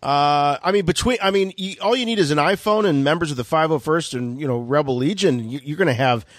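A man hosting a call-in radio podcast, talking in a rambling, animated way. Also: on the high side, fairly quick, no room sound. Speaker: podcast host. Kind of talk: casual call-in show chat.

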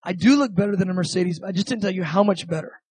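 A man's voice: sits high, fast talker, darkish tone, husky, no room sound. A man voicing God, casual and teasing. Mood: playful. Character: God as a kind, playful man.

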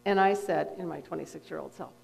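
A middle-aged woman, a therapist and guest speaker, telling a personal story in a conversational, animated way with frequent fillers. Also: sits low, fast talker, creaky. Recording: long reverb from a hall.

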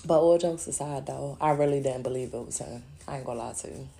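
Gravelly woman rambling in casual chat. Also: a bass voice, quick pace, warm tone. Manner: rambling, profane, laughing often. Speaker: podcast host.

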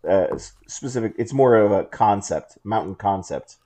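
A man with a lowish voice co-hosting a relaxed conversation about scripture. He asks questions with open curiosity, stumbling through fillers and restarts as he thinks aloud. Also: moderate pace. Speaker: co-host. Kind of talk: casual Bible study podcast.

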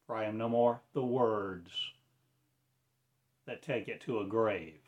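A man's voice: lowish voice, slow pace, highs cut off. A man delivering a fragmented, incantatory spoken-word monologue with preacher-like phrasing.

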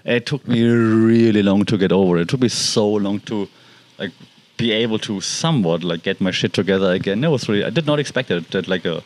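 A man tells a personal story in a casual, meandering way. His voice sits on the low side, and he keeps circling back with "like" and restarts. The sound is dry and close. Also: brisk, no echo. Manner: rambling, heavy use of "like" and restarts. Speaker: pet owner telling a personal story.

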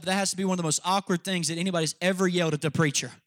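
Bright, high-voiced pastor preaching. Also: male voice, steady tone, rapid-fire, dry recording, clean studio sound. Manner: emphatic, jokey, talks straight to the congregation. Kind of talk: sermon.

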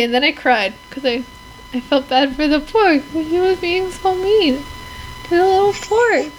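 A woman's voice: high voice, unhurried, slight background noise, rough recording. A young woman co-hosting a podcast, gushing and giggling as she chats. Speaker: podcast co-host. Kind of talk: casual chat.

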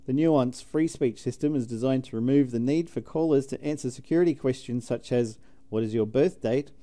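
Joking man with a mellow voice. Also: medium pitch, fairly quick. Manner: jokey, drops in silly sound effects. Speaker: tech podcast co-host. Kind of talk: casual chat, reading news aloud.

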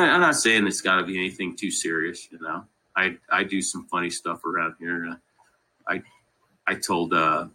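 A podcast guest from Colorado, USA rambles through funny family stories in a casual interview, laughing as he goes and leaning constantly on "you know." His voice sits low, bright and forceful, and the recording is rough.

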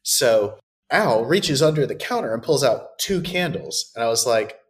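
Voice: medium pitch, animated, unhurried. A podcast co-host recapping a horror movie in casual, sarcastic chat and swearing freely.

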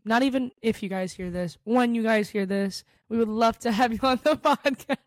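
A young woman co-hosting a podcast, chatting casually with quick, teasing, playful interjections. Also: on the high side, no echo, studio quality. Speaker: podcast co-host. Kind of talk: casual chat.

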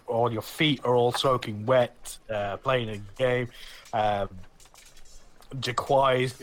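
A man's voice: medium pitch, background noise. A man narrating as game master of a tabletop role-playing game, rambling with many restarts.

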